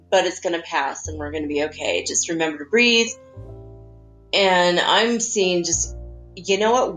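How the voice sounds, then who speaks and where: A woman hosting a spiritual talk, chatting gently and guiding listeners through visualizations. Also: low voice. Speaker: spiritual channel host. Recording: faint guitar music behind.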